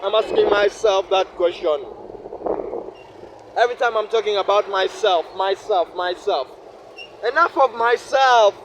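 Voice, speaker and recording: Ugandan english guy, hoarse w flu, pretty high voice, rambling reflective vlog, wind + traffic noise on mic. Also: unhurried, pauses often. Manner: reflective, repeats phrases, shifts into a deeper voice at times. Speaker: vlogger. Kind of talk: casual vlog monologue. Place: outdoors beside a highway. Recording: noisy outdoor recording with wind.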